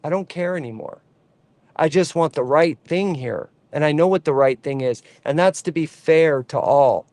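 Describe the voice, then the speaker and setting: A man's voice: fairly high pitch, moderate pace, a little mellow, no room sound. Fervent man ranting to camera. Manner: fervent, preachy, repeats lines for emphasis. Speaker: trucker advocate. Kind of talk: impassioned direct-to-camera rant.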